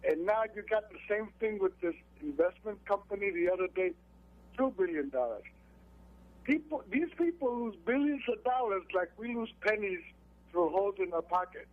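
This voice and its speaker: High-voiced caller on a tinny phone line. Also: male voice. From Manhattan. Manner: halting, filler-heavy, indignant. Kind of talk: phoned-in comment to radio show.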